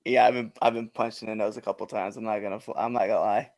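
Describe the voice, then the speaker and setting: A man's voice: lowish voice, steady tone, fast talker, darkish tone. Laid-back man hosting a podcast. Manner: laid-back, laughs a lot. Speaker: podcast host, wrestler. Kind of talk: casual interview chat.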